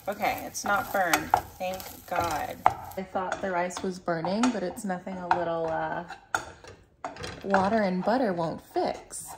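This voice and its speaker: A woman's voice: fairly low pitch, heavy background noise. A young woman vlogging casually while she cooks in her home kitchen, chatty, laughing often and fretting aloud. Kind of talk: casual chat while cooking.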